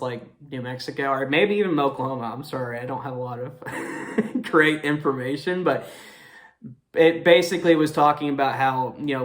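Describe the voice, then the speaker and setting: Young man rambling through a movie review. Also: medium pitch. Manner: rambling, many fillers and self-corrections. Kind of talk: casual movie review chat.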